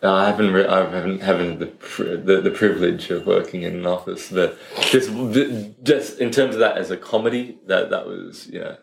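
A man chatting casually as a podcast co-host, agreeable and halting. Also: deep voice, vocal fry. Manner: agreeable, many yeahs, halting restarts. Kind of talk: casual chat. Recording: roomy echo.

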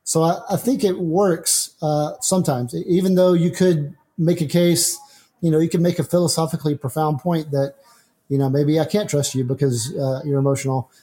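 A man's voice: a little high, fairly even intonation, normal speed, mellow. A middle-aged man, a guest on a discussion show, thinking aloud about philosophy with homespun everyday examples. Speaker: atheist guest. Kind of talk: conversational discussion.

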